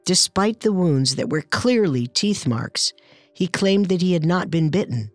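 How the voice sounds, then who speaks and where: A woman narrating a true-crime story in a measured, scripted way. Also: fairly low pitch, animated, no room sound, soft background music.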